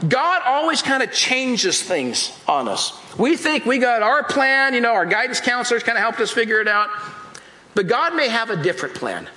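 A pastor giving a casual, animated sermon, acting out scenes from the Bible in different voices. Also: male voice, extremely high pitch, moderate pace, echoey room, poor audio.

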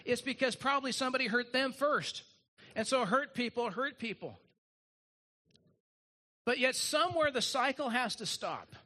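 A male pastor delivering a sermon with earnest, emphatic conviction. His voice sits high and rings bright and forceful, and he leans on repeated refrains to drive points home. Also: normal speed, pauses often.

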